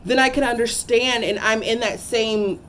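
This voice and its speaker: A young adult woman, a teacher, earnestly telling a personal story to camera, halting with fillers and restarts. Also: fairly high pitch, fairly even intonation, a bit bright, slight background noise.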